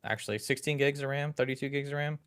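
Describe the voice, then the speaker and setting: A man's voice: mid-range voice, steady tone, quick pace, fairly bright tone, clean tone. A man co-hosting a tech podcast, easygoing and casual, often searching for words and repeating himself. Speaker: podcast co-host.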